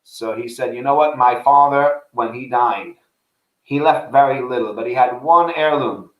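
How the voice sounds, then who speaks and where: A man's voice: medium pitch, normal speed, echoey room, highs cut off. A man hosting a casual chat about faith, telling anecdotes and acting out the people in them. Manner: chatty storyteller, acts out quoted voices.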